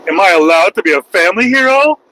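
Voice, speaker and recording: A middle-aged man, a truck driver, ranting loud, profane and mocking on a livestream. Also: high-pitched, animated, fast, poor audio. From United States. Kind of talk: livestream rant.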